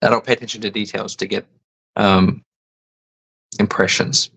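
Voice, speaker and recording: A man's voice: fairly low pitch, little pitch movement, moderate pace, a bit bright, breathy edge, low-quality recording. A man hosting a casual livestream, reading chat comments aloud and musing over them. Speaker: host.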